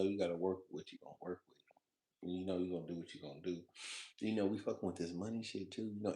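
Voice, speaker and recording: Casual male vlogger, low voice, slangy profane ramble, roomy echo. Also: dark tone. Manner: loose, slangy, profane, laughs often; repeats himself and talks to the viewer. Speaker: food vlogger.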